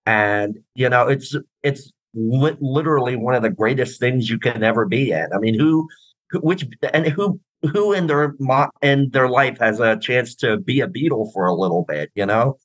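A man's voice: mid-range voice, moderate pace, fairly bright tone, no room sound, poor audio. Man, interview guest, rambling, chatty, dry close mic. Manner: chatty, rambling with many restarts and fillers. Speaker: guest, band tribute drummer. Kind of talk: casual interview chat.

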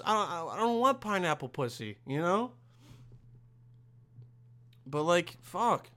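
A young man with a notably high voice talks through a loose, rambling solo podcast. He swears constantly and now and then flares up into loud outbursts. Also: sing-song, unhurried, pauses often. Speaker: podcast host. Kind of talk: casual solo podcast rant.

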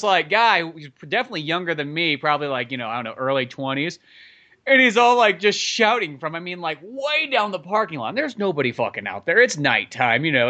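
A young man co-hosting a podcast, telling a story in casual chat and acting out the people in it with raised voices. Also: muffled recording. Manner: animated, acts out people in his stories with high voices. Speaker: podcast co-host.

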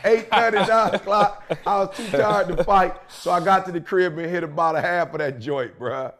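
A man co-hosting a podcast, telling animated stories in casual slang. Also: high voice, moderate pace, crowd noise. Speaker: podcast co-host. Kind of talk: casual chat.

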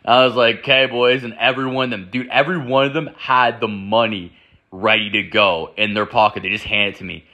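A man's voice: on the low side, fairly even intonation, a little fast, bright, forceful tone, muffled recording. A man hosting a show, telling a rambling comedic story from his own life, swearing heavily and saying "like" a lot. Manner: rambling, heavy swearing, lots of "like". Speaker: show host.

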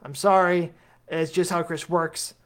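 A man's voice: on the high side, steady tone, measured pace. A man hosting a solo podcast episode, talking straight to his listeners in a rambling, jokey way full of self-deprecating asides. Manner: chatty, addresses listeners directly. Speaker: podcast host.

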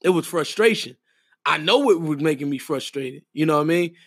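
A middle-aged man with a high voice talks in casual podcast chat. He hammers his points with emphatic, preacher-like repetition. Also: animated, a little fast, slightly rough. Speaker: podcast co-host and wedding officiant.

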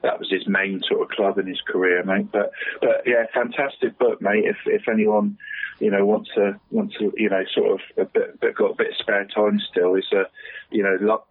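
A man's voice: on the low side, flat delivery, normal speed, husky. A man chatting casually about local football on a radio show, rambling and saying "mate" constantly. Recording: phone-line audio.

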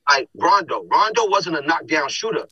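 A man's voice: a little high, moderate pace, dull audio. A man who announces streetball games, chatting animatedly on a podcast and often checking in with "you understand?". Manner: animated, re-enacts conversations in quoted voices. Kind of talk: casual podcast chat.

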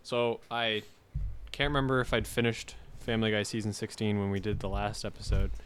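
A man's voice: on the low side, little pitch movement, a little fast, fairly bright tone, smooth. A man co-hosting a casual chat show, making dry, wry remarks. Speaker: podcast co-host.

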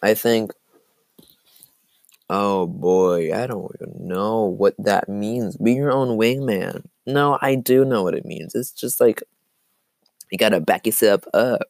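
A man's voice: fairly low pitch, takes it slowly, creaky, darkish tone, dry recording. A young man hosting a casual solo podcast, rambling and self-deprecating, his throat phlegmy from coughing. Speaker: podcast host.

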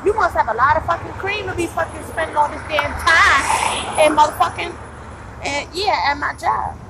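A woman's voice: sits high, moderate pace, gravelly, heavy background noise. A tired woman in pain, venting bluntly and profanely about customers at her retail job in a casual podcast monologue.

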